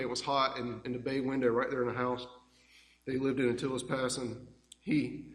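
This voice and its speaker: A man tells warm, rambling family stories as a eulogy. His voice is middle-pitched. It rings through a large church with a long, roomy reverb. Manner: warm, rambling, fond anecdotes. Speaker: grandson giving a eulogy. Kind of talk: heartfelt eulogy storytelling.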